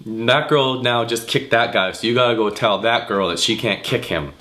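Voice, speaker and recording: A man voicing a calm, matter-of-fact male nightclub manager giving brisk instructions. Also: medium pitch, pitched above the performer's own voice, lightly acted. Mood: businesslike.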